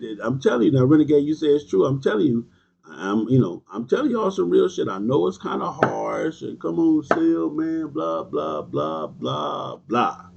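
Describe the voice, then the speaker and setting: A man's voice: a little high, vocal fry, mellow, slight background noise. A man giving an emphatic, repetitive livestream talk as a motorcycle club leader, using street slang and answering viewers' comments. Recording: dull lo-fi stream audio.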